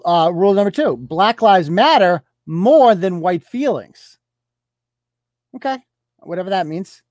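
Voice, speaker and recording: A man's voice: high voice, a little mellow, no echo, clean studio sound. Profane, sarcastic ranting male host. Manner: mocking rhetorical questions. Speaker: live show host. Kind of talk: ranting commentary while reading a group's posts aloud.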